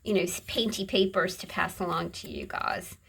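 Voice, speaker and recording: A middle-aged woman hosting a casual craft video, chatting in a soft, rambling way as she shows her handmade books. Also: on the low side, fairly even intonation, fairly quick, creaky, a little hiss or hum, poor audio. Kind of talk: casual show-and-tell chat.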